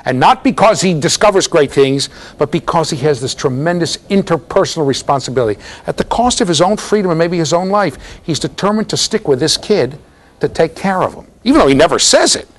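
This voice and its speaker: A man's voice: a little high, expressive, fairly quick. A man giving a university classroom lecture, telling a story with lots of animation and often checking in with "right?" and "okay?". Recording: 2009 lecture hall recording.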